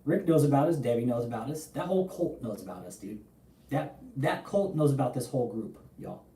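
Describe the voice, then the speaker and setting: Young male streamer, profane and chatty, mellow tone, off-mic in a roomy space. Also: mid-range voice, animated, fairly quick, far from the mic. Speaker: livestream host. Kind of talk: casual livestream commentary.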